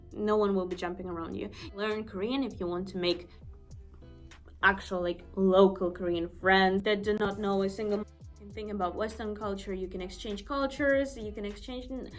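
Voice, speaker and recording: A young woman from Estonia chatting casually to the camera as a vlogger, emphatic and repeating her points. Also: medium pitch.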